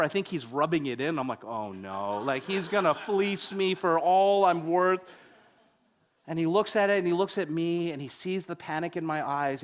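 A young man preaching a sermon, telling stories with wide swings between loud and hushed delivery. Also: on the high side.

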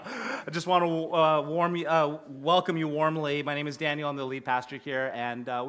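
A man's voice: a little high, a bit bright. A man who is the lead pastor, preaching a conversational sermon that puts questions to his congregation and adds light humor. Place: church hall with congregation.

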